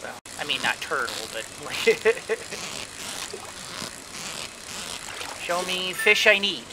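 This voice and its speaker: An unhurried let's play host narrates gameplay at a leisurely pace, thinking aloud. They burst into excited exclamations as they cheer the game on. A clear, steady rain sound from the game plays behind the voice. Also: mid-range voice, background noise. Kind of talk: gameplay commentary.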